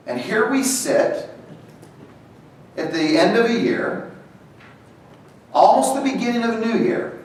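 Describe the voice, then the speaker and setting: A man with a high voice gives an energetic motivational stage talk, animating every point and slipping into other people's voices. He sounds far from the mic in a very echoey hall with faint noise underneath. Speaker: motivational speaker for a real estate team.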